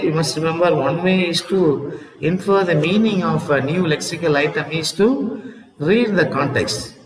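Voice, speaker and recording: A man's voice: on the high side, reverberant, in a large hall, far from the mic, low-quality recording. A man teaching an English lesson, repeating words aloud and checking in with "see?" as he explains. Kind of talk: classroom lesson on word stress.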